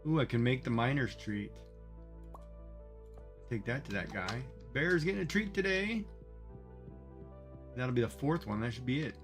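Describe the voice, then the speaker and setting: A man's voice: medium pitch, normal speed, long pauses, faint music behind. A man chatting casually with viewers while playing a game on a livestream, musing aloud about food. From Canada. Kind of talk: casual chat while gaming.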